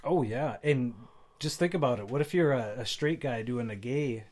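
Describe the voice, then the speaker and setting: A man co-hosting a podcast, chiming in with quick agreement and chuckles in casual chat. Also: mid-range voice, a little mellow. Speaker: podcast co-host.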